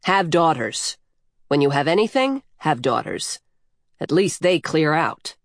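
Woman doing blunt earthy old coyote lady, slow drawl, low-ish, dry close sound. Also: very animated, dry recording, exaggerated voice. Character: crude, fearless old female coyote spirit. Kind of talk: audiobook character voice.

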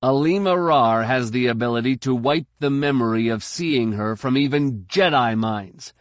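A man's voice: medium pitch, moderate pace, no echo, clean studio sound, voice pushed up, lightly acted. A man voicing a curt, cool-headed male pilot, clipped and cutting.

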